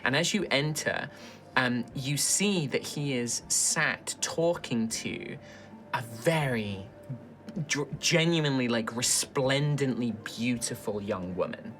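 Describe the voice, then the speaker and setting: Game master, woman, extremely low voice, hesitant narration. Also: expressive, slow, a bit bright, soft background music. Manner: loose, hesitant, lots of ums.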